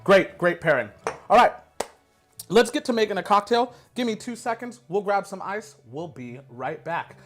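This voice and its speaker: A man's voice: high voice, normal speed, soft background music. Upbeat chatty man host. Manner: upbeat, chatty, says "you know" often; rambling with repeats. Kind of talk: casual food and whisky pairing talk. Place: home kitchen.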